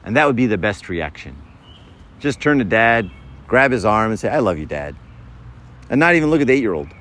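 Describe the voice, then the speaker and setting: A man in his fifties, speaking a little fast in a mid-range, somewhat bright voice with lively intonation, leads a conversational faith talk for young people. He's informal, checks in with "right?" constantly, and slips into different voices to act out small scenes.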